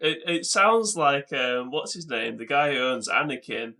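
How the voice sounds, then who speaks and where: A British man chatting casually on a tabletop game podcast, self-deprecating and quick to laugh. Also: medium pitch, very noisy. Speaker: podcast co-host, player. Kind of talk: casual chat.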